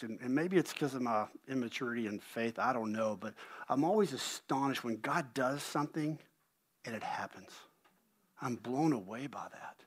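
A middle-aged man preaching a sermon as pastor, an animated storyteller who pokes fun at himself and repeats words when he gets going. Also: medium pitch. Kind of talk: sermon with personal stories.

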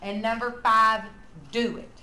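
A woman leading a lively, playful workshop for church preschool teachers. She acts out quotes and drops to a whisper to draw the room in. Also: on the high side, a little slow. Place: large hall with an audience. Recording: echoey room with faint noise.

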